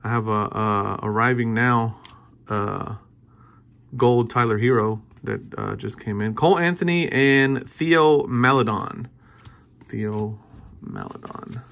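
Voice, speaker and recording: A man in his thirties giving excited, casual commentary while opening trading card packs, often repeating himself and breaking into cheers. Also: medium pitch, slow pace, vocal fry.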